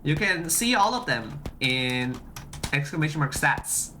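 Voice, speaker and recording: Lively, bright-voiced streamer repeating phrases. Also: medium pitch, unhurried, slight background noise. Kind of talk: casual live-stream chat demoing a project.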